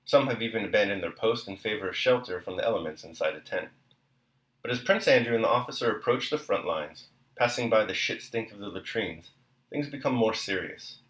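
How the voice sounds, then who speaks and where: A man reading a novel aloud and then reflecting on the chapter, in a measured, even delivery. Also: lowish voice, reverberant, poor audio. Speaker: reader and commentator.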